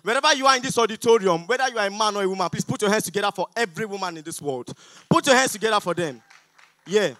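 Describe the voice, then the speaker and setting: A young Nigerian man with a Nigerian accent doing a stand-up comedy set on an auditorium stage, loud, pleading and mock-outraged with the crowd. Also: sits high, expressive, rapid-fire, no echo. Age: young adult.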